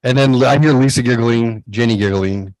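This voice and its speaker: A man's voice: normal speed, no room sound, low-quality recording. Dry-voiced man telling party stories. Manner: animated storyteller, acts out quoted voices in a higher pitch. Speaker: podcast host. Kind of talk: casual storytelling chat.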